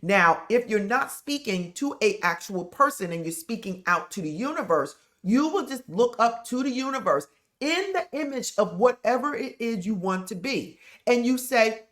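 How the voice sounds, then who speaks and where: A woman speaking straight to her listeners as a spiritual teacher, walking them through each step. Her pitch moves a lot, rising and falling as she coaches. She talks plainly and directly and keeps checking that they are following. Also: animated, moderate pace, a bit bright. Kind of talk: instructional talk to camera.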